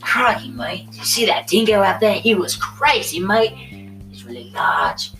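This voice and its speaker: A man's voice: high voice, moderate pace, bright, forceful tone, reverberant, faint music behind, pitched above the performer's own voice, low-quality recording. A teenage boy putting on an exaggerated, over-the-top Australian accent as a goofy bloke. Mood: excited. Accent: put-on Australian. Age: teens.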